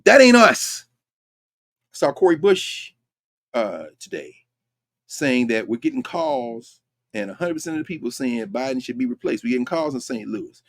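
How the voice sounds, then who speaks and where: A man's voice: mid-range voice, sing-song, normal speed, gravelly, darkish tone, no room sound, clean studio sound. A man hosting a lecture-style commentary show, talking emphatically and conversationally and putting rhetorical questions to his listeners. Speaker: host.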